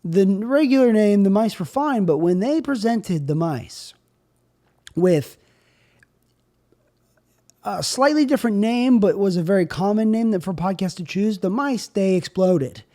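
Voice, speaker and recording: A young man hosting a solo podcast, riffing on absurd bits in a rambling, offhand way. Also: unhurried. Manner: absurd deadpan riffing, drifting in pitch and loudness. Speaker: podcast host.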